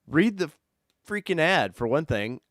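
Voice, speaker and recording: A man hosting a casual live-stream car chat, talking loosely and excitably, jumping from loud bursts to mutters. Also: on the high side, a little slow, no echo, studio quality. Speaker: host.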